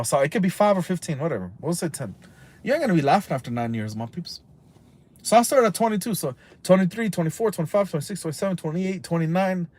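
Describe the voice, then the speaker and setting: High-voiced, profane man. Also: darkish tone. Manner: profane, rambling, heated, peppered with Spanish slang. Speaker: livestream host. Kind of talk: casual live stream rant.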